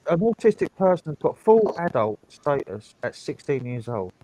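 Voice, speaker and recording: A man's voice: fairly high pitch, very animated, moderate pace, dark tone, no echo, low-quality recording. British man on a dry video call. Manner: presses with repeated questions. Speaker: live stream guest. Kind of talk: casual live stream chat.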